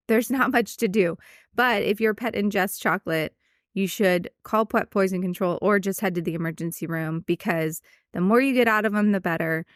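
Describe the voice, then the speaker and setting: A woman's voice: mid-range voice, no room sound, studio quality. A woman in her thirties, a veterinarian hosting a podcast, explaining things in casual chat and laughing easily. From United States.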